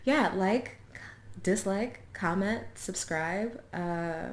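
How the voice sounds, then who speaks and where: Slow, joking young woman. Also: mid-range voice. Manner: chatty, joking asides between readings. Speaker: vlogger reading a book aloud. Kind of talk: casual vlog with read-aloud passages. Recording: echoey home room, faint background noise.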